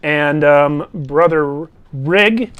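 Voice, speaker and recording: A man's voice: a little high, extremely slow, fairly bright tone, smooth. A man narrating as game master of a tabletop game and calling out dice results.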